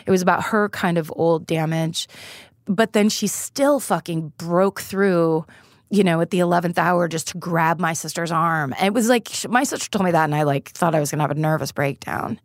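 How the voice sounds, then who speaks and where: A woman's voice: fairly low pitch, normal speed, dry recording. Frank, profane woman comedian, dry sound. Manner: frank and profane, laughing through grim stories. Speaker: comedian guest. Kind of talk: candid conversational storytelling.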